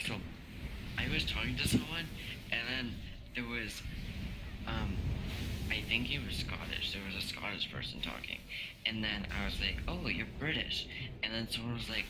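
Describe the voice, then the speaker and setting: A man's voice: fairly low pitch, very noisy. A drunk young man rambling and swearing nonstop while chatting with friends. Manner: rambling, slurred, swears constantly. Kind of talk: casual chat with friends over voice chat.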